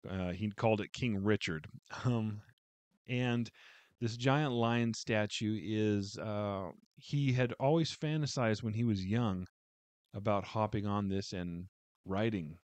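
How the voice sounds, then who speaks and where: A man's voice: fairly low pitch, slow pace, dry recording. A man giving a casual, heartfelt book review, rambling with many fillers and restarts.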